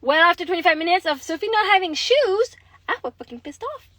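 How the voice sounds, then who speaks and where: A young mother from Quebec, Canada, chats casually on a phone livestream in a Québécois French accent, rambling and swearing a lot. Her very high, expressive, slightly bright voice is brisk, captured in a low-quality recording without echo.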